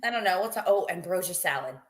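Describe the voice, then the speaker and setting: A woman's voice: fairly low pitch, animated, fast. A woman hosting a casual live video show, chatty, laughing easily and reading out viewer comments. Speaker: show host.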